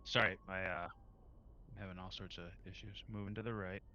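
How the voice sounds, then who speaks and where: Bright, flat-voiced man playing a tabletop game. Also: deep voice, muffled recording, a little hiss or hum. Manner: deliberate, careful, halting with fillers. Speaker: player. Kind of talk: tabletop game play over a stream.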